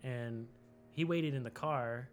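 A man in his forties from Tennessee tells a story on a podcast in relaxed, rambling chat. He fills his sentences with "like" and now and then acts out quotes in a sudden high voice. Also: slow, a little hiss or hum. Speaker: podcast co-host.

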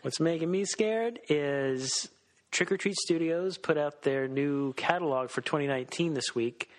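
A man co-hosting a podcast in casual chat, talking excitedly with many restarts. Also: on the high side, measured pace, low-quality recording. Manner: excitable, lots of fillers and restarts. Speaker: podcast co-host.

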